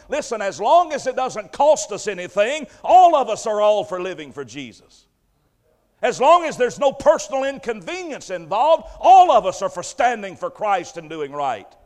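A man preaching a sermon, retelling a story vividly and emphatically with repeated phrases. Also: high-pitched. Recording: long hall reverb.

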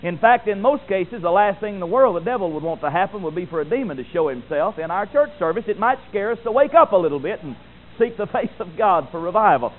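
A man preaching a sermon, emphatic, swinging from loud declarations to quiet, solemn asides, heard through a tinny recording. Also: sits high, expressive, fast.

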